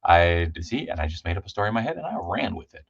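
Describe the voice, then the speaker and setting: A man hosting a casual live stream, chatty and loose, shouting out viewers by name with lots of ums. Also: sits low, big pitch swings, quick pace, vocal fry, dull audio. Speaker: livestream host.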